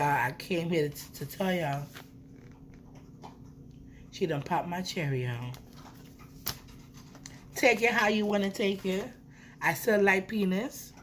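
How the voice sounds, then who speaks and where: A woman's voice: on the low side, slight background noise. A young woman, telling a playful storytime vlog with swearing. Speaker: vlogger. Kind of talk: casual storytime.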